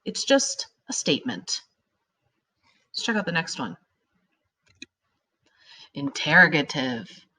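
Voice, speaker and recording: A woman teaching a grammar lesson to children. She talks in an upbeat, animated way and stretches out her example sentences for effect. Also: low voice, slow pace, long pauses.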